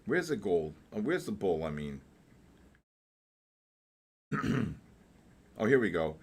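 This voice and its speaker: A man hosting a live trading stream, excitable and joking as he calls out market moves to his viewers. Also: fairly low pitch, takes it slowly, breathy edge. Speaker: host of a live trading session.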